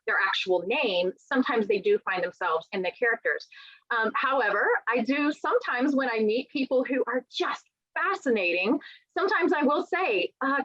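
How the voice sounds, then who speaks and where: A middle-aged woman author in a conversational interview, telling lively stories and acting out quoted dialogue. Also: fairly high pitch, no room sound. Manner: animated storyteller, acts out quoted dialogue. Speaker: author guest. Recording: dull, lo-fi sound.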